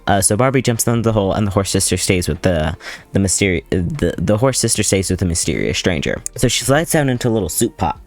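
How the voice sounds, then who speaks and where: A man's voice: deep voice, lively intonation, fast talker. A man recapping a movie in a casual, sarcastic, profane, rambling way. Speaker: movie commentator.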